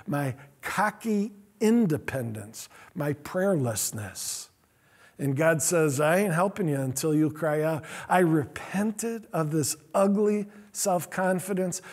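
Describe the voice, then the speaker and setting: A middle-aged man, a pastor, telling a story in a sermon in an earnest, self-deprecating way. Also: high voice. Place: church sanctuary.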